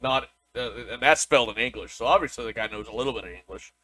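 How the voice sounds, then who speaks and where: A man's voice: mid-range voice, fast, pushed and bright. A young man co-hosting a podcast, chatting loosely, laughing and often restarting his sentences. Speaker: podcast co-host. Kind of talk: casual chat.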